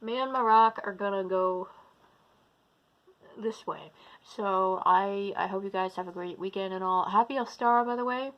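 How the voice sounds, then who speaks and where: A woman who vlogs and practices as a witch and druid talks casually to her own camera, slipping into a put-on British-like accent, rambling, losing her train of thought and restarting. Her medium-pitched voice is steady and measured, with long pauses, and the recording is muffled.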